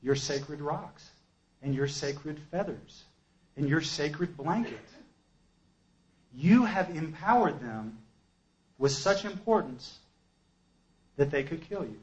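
A man voicing a calm, clear inner voice that speaks to him quietly and slowly, with gentle command. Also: fairly high pitch, dull audio.

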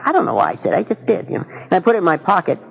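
A man's voice: high voice, wildly swooping pitch, racing, vocal fry, husky, rough recording. A man speaking at a recovery meeting, telling a personal story in an earnest, folksy and candid way.

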